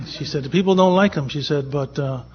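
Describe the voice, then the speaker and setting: Guy on a panel telling a story, kinda husky, higher voice, muffled old recording, acts out all the back-and-forth. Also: brisk. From from Boston. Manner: anecdotal, acts out dialogue in quotes. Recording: dull lo-fi conference recording.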